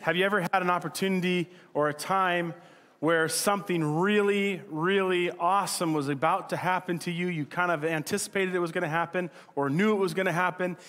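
A male pastor giving a casual, joking sermon, with quick acted-out asides. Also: high voice, fairly even intonation, fairly bright tone. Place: church hall. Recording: church hall with long reverb.

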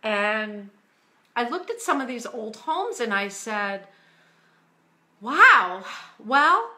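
A woman from the United States telling a personal story slowly and earnestly, getting emotional at times. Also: on the high side, lively intonation. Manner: slow, earnest storytelling, quiet and hushed when quoting God. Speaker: author. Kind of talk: personal testimony.

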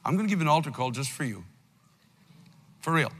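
A man in his sixties preaching a sermon as pastor, with passionate swings between loud climaxes and quiet pleading. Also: a little high, animated, brisk, breathy edge, in a large hall. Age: 60s. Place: large church hall.

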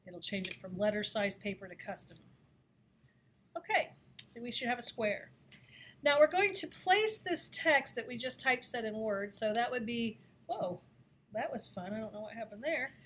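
Lady teacher walking thru design software, kinda high voice, lots of ums. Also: moderate pace, husky. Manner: chatty, thinks aloud with fillers. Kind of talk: screen-recorded software lesson.

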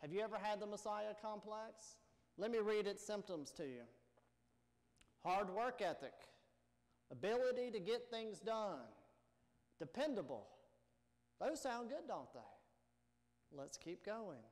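A pastor giving a Sunday sermon in a measured, emphatic preaching manner full of rhetorical questions. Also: male voice, high-pitched, expressive. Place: church sanctuary. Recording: long church reverb.

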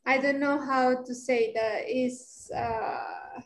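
A woman's voice: sits high, fairly even intonation, slow. A woman taking part in an online workshop discussion, explaining hesitantly and searching for English words. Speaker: workshop participant. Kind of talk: casual group discussion. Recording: echoey room.

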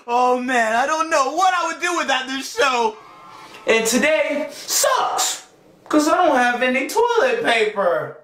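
A man's voice: very high voice, sing-song, measured pace, roomy sound, full character voice. Man doing a Bowser, a wailing crybaby monster king. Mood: giddy. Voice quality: wailing, sobbing shouts. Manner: melodramatic, over-the-top despair. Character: whiny crybaby monster king, obsessed with a kids' show. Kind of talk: comedic puppet video voice acting.

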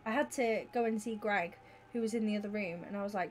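Young woman, Twitch streamer, excitable and rambling, greeting chat by name. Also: mid-range voice, brisk, slight background noise. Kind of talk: casual livestream chat with viewers.

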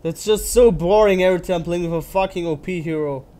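High-voiced man ranting over gameplay. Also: brisk, dark tone. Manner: angry ranting, heavy swearing. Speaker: gamer commenting on his own match. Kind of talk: gameplay commentary.

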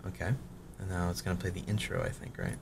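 The recording is very noisy. His low, creaky voice moves fast in a sing-song way and sometimes cracks. He's a late-twenties gaming creator rambling through commentary on his old videos, cursing often and making fun of himself.

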